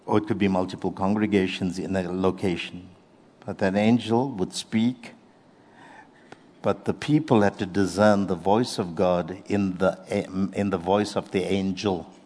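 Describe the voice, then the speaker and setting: A man with a lowish voice preaches in an earnest, unhurried way, drawing out key phrases for emphasis. His words ring with the long reverb of a large hall. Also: fairly even intonation, a little mellow. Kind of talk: sermon.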